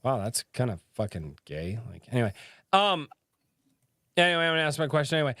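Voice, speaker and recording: A man's voice: fairly high pitch, expressive, moderate pace, long pauses, pushed and bright, dry recording, clean studio sound. A man hosting a casual livestream podcast, rambling and swearing as he chats with his audience. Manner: rambling, swears often, frequent restarts. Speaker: podcast host.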